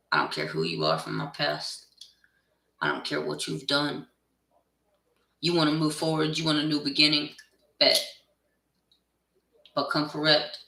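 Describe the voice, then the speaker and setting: A gravelly, creaky voice with a sharp, tense edge, ranting bluntly and profanely as a tarot reader. The speaker sits back from the mic in an echoey room, so the voice comes across roomy and slightly distant. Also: mid-range voice. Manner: heated, insistent. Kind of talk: casual direct-to-camera rant.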